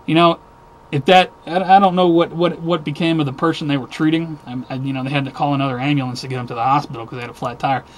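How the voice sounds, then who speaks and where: A man's voice: fairly high pitch, fairly even intonation, fast talker. A man hosting a casual weekly news video, rambling and restarting as he rants about the stories. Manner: rambling, restarts, easily worked up.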